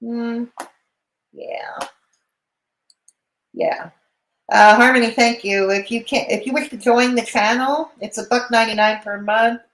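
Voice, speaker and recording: A woman's voice: fairly high pitch, fairly even intonation, unhurried, pauses often, fairly bright tone. Sarcastic woman streamer, roomy sound. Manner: sarcastic, chatty. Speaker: streamer host. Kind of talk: casual livestream chat.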